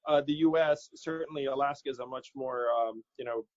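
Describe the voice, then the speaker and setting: A man's voice: mid-range voice, a little fast, no echo. A man being interviewed as a political candidate, talking casually and animatedly, quoting people in his stories and laughing easily. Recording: dull lo-fi audio.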